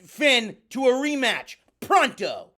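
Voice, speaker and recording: A brash fire-god wrestler cutting a furious promo, played by a man. His voice sits high and swings wildly as he blusters through his grievances. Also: very animated, slow pace, full character voice. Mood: indignant. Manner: ranting heel promo, blustering.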